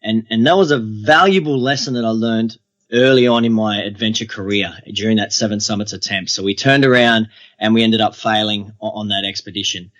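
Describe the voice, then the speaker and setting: A man, a guest on an interview podcast, telling adventure stories in a relaxed, steady way. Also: fairly low pitch, brisk, dull audio.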